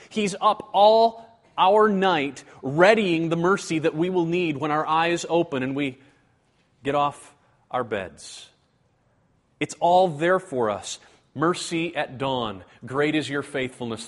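Earnest high-voiced man preaching. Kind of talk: teaching sermon.

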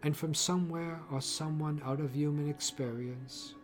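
A man narrating a literary novel in a measured, deliberate way. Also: fairly high pitch, steady tone, soft background music. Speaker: audiobook narrator.

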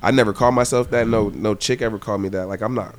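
A man in casual podcast banter who mumbles quick denials. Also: lowish voice, steady tone, over a noisy crowd.

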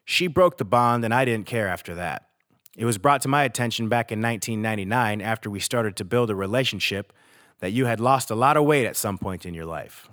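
A man in his thirties, a podcast host, reading a personal letter aloud in a steady, earnest way with pauses. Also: lowish voice, no room sound, studio quality.

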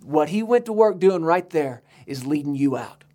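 American male preacher, emphatic sermon delivery, slightly high voice. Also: lively intonation, mellow. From United States. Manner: emphatic, slows to stress key words, rises to high pitch for appeals.

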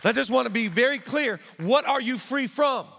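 A man preaching a sermon as pastor, lively, with joking asides and repeated phrases for emphasis. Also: very high-pitched, normal speed, vocal fry, a faint crowd, a little hiss or hum. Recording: long reverb of a large hall.

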